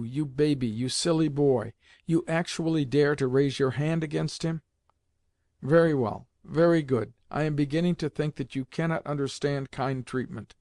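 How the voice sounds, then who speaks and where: A man's voice: a little high, a little mellow, no room sound, clean studio sound, lightly acted. A man reading the part of a stern, reproachful old aristocratic grandmother, with raised, emphatic scolding delivery.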